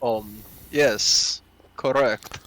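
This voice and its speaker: A man's voice: medium pitch, drawn-out words, fairly bright tone. A man playing in a tabletop game who speaks in a hesitant, plain way. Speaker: player. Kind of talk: tabletop role-play.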